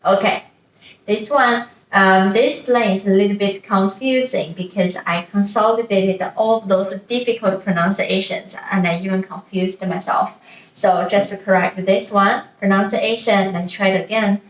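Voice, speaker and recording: A woman's voice: mid-range voice, a little slow, far from the mic. A woman teaching a beginner pronunciation lesson, patiently modeling each sound several times. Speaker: language teacher. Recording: roomy echo, voice a bit off-mic.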